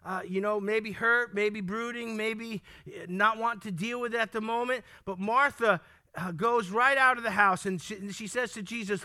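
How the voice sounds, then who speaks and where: A male preacher with a very high voice that rings bright and tense. He preaches emphatically, throws questions at his listeners and hammers key lines home again. When he gets going he trips over his words and starts them again. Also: normal speed. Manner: stumbles and restarts words when worked up. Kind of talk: sermon.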